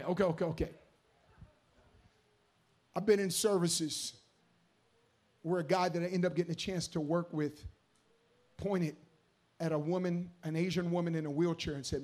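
A man preaching a sermon with passion, moving between hushed storytelling and shouted appeals. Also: high voice, steady tone, normal speed.

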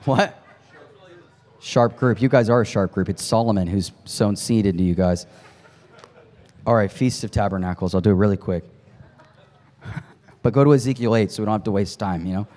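A man preaching a sermon with passion, swinging from quiet storytelling to near-shouting and chatting with the congregation between points. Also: lowish voice, normal speed, long pauses, in a large hall. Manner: impassioned, climbs to near shouting at peaks; conversational asides to the congregation. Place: large hall with long reverb.

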